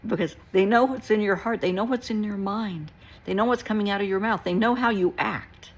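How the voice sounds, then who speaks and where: A woman's voice: medium pitch, fairly quick, rough recording. An older woman therapist giving casual, plain-spoken spiritual advice in a folksy, reassuring way, calling the listener honey.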